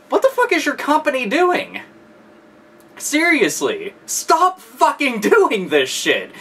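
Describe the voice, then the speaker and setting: A man rants angrily with constant swearing and exasperated sarcasm. His voice is high with a bright, sharp edge. He sits a little back from the microphone. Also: distant mic. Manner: heavy profanity, exasperated, sarcastic. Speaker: video host. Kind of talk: angry ranting commentary.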